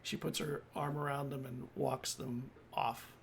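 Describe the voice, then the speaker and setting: Gravelly game master, casual. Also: male voice, mid-range voice, little pitch movement, a little slow, slight background noise. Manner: casual, laughing, rambling. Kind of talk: narrating a tabletop game.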